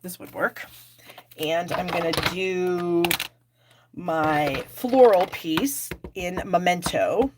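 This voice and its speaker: A woman's voice: fairly low pitch, takes it slowly, noisy background. A middle-aged woman hosting a live card-making class, chatting and joking at her own expense while she works. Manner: chatty, self-deprecating, talks while working. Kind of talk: live craft demo with viewer chat.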